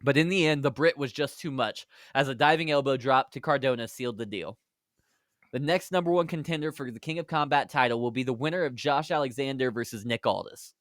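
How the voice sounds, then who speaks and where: A man's voice: medium pitch, fairly bright tone, dry recording, studio quality. Man recapping wrestling matches. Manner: brisk play-by-play storytelling. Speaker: podcast host. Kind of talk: recapping a fantasy wrestling card.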